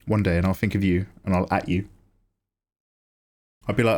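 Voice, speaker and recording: A man's voice: low-pitched, fairly even intonation, normal speed, long pauses, a little mellow. A man chatting casually on a drawing livestream, joking and rambling through asides to his viewers. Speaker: art streamer.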